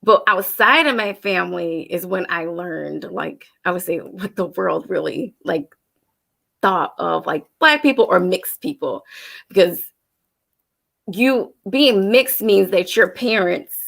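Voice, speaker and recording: A woman's voice: lowish voice, animated, takes it slowly, creaky, fairly bright tone. A woman speaking thoughtfully in a casual panel discussion, hesitating often with fillers.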